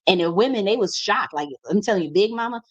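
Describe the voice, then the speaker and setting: A woman's voice: medium pitch, expressive, quick pace, dull audio. A woman speaking as a spiritual teacher in an impassioned monologue, blunt and profane, repeating phrases for emphasis.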